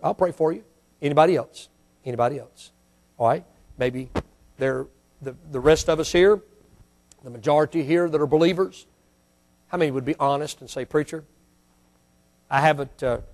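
Fiery preacher man, loud then hushed. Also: on the high side, brisk, pauses often. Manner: swings from loud fiery preaching to soft pleading prayer. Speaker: pastor. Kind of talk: sermon with altar call. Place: church sanctuary.

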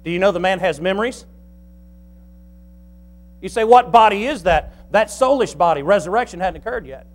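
A man preaching a sermon as pastor, folksy and joking, quizzing the congregation and slowing down to stress key lines. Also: high voice, expressive.

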